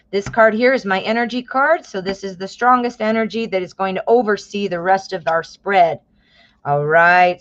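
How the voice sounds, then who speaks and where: Woman in her fifties, live tarot reader, chatty and excitable, slightly muffled stream audio. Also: mid-range voice, no echo. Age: 50s. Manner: chatty, excitable, exclaims often.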